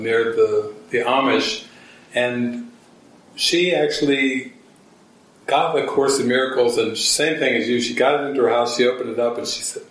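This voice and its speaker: Heard from a distant mic in a very echoey church hall, a spiritual teacher narrates a story to a gathering. His fairly bright, medium-pitched voice changes character as he performs the quoted lines.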